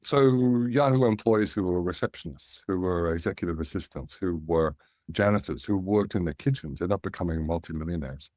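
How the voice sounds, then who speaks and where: A middle-aged Australian man, a guest in an interview, telling relaxed anecdotes and animating the voices of people he quotes. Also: sits low, fairly quick, dry recording, studio quality. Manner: anecdotal, animated when quoting others. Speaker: guest, angel investor.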